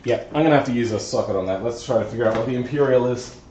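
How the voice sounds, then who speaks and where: Working on a car during a live stream, a man keeps up casual, self-deprecating chatter to himself in a garage or workshop. He talks at a racing pace in a mid-range, slightly mellow voice, picked up by a distant mic that sounds echoey and dull, with slight background noise.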